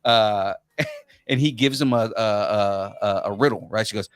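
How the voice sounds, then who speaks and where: A man's voice: on the low side, moderate pace, dry recording, soft background music. A man hosting a podcast who rambles through comedy sketches with lots of laughing in casual chat. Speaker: podcast host.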